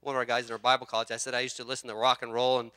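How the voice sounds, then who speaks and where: Male pastor, middle-aged, bright sharp tone, dry close sound, animated conversational sermon. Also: medium pitch, racing, smooth, no echo. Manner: animated, conversational preaching with rhetorical questions.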